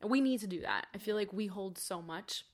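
A young woman from a Cuban family guests on a podcast, telling her story candidly and casually. Her mid-range voice is brisk, and she swears freely and says "like" a lot.

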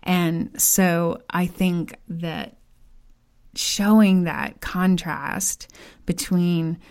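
Slow, thoughtful woman. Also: lowish voice, steady tone, a little mellow. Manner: thoughtful, hesitant, many fillers. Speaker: podcast co-host. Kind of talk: casual chat.

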